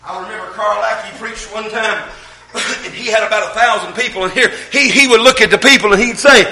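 A man with an Appalachian accent preaching a loud, fervent sermon in a large church hall, breaking in with amens. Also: sits high, brisk, gravelly. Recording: echoey hall, mic from a distance.

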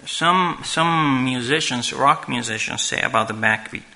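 A man teaching a class on church music from slides, talking haltingly and checking in with "okay?" often. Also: medium pitch, vocal fry, pushed and bright, low-quality recording. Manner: halting, restarts and fillers, asks "okay?" often. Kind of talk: slide-based lecture.

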